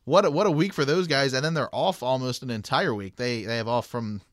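A man's voice: mid-range voice, fairly quick, no room sound. Chatty man with a dry podcast sound. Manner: chatty, laughs often, stammering restarts. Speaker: podcast co-host. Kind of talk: casual sports podcast chat.

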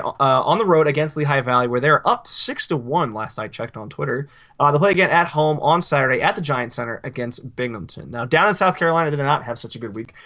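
Dry, deadpan male podcast co-host. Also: on the high side, dull audio. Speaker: podcast co-host giving hockey news. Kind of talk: reading sports results and news.

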